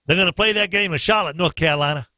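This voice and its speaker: A man's voice: high-pitched, rapid-fire, bright, forceful tone, dry recording. A man hosting a morning sports radio show from a studio. He runs through his picks in a loose, joking way with a slightly raised voice. The sound is dry and close. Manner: loose, joking, sings snatches of songs.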